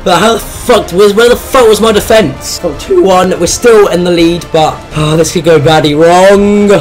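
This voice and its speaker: A man with a hoarse, damaged voice, giving excited, sweary commentary on his own football video game match and yelling at goals. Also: sits high, moderate pace, soft background music. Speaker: gaming YouTuber.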